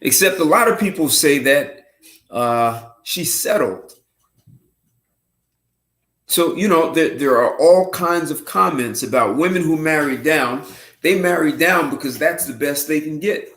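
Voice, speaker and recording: A man hosting a casual livestream show, talking in an unhurried, musing way with frequent restarts and throat clearing. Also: on the high side, expressive, a bit bright. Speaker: host. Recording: roomy echo.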